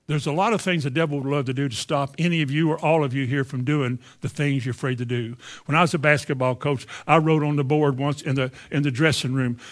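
Preacher telling his story. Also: on the high side. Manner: storytelling, stammers on words. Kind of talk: sermon with personal testimony.

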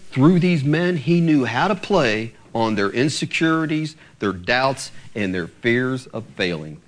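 Animated male preacher, lively pitch. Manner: animated, emphatic, addresses congregation directly. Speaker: pastor. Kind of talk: sermon.

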